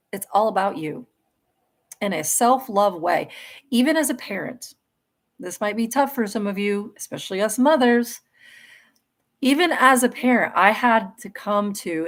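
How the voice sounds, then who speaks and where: Middle-aged woman host of a live spiritual Q&A; earnest, emphatic delivery, mid-range voice. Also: medium pitch. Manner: earnest and emphatic, with laughs and self-corrections.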